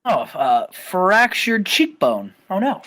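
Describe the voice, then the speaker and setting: A man hosting a casual game playthrough, retelling events in an animated, rambling way with lots of fillers. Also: high voice, takes it slowly. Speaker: host.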